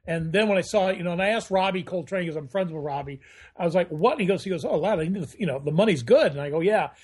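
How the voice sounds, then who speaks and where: A man chatting as a guest on a podcast, telling rambling, animated stories. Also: high-pitched, fast talker. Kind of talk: casual podcast chat.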